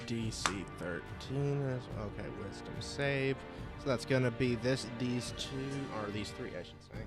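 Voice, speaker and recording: A man acting as game master, making rulings in a relaxed way and laughing often. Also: medium pitch, measured pace, over loud music. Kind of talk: running a tabletop game.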